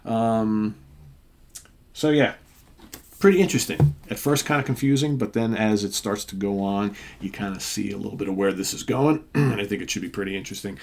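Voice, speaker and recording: Male host, deep voice, casual rambling comic review delivery. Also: brisk, a little mellow. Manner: rambling retelling with frequent throat clearing.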